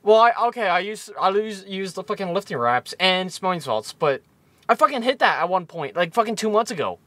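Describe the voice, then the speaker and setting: A man's voice: high-pitched, expressive, fairly quick, a bit bright, dry recording. A man in his twenties chatting casually on a live stream, tipsy from shots, rambling and swearing constantly. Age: 20s.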